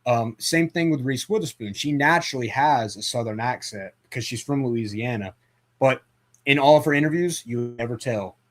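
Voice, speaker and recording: A man's voice: mid-range voice, normal speed. A man hosting a casual movie chat, rambling with lots of fillers and restarts. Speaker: podcast host.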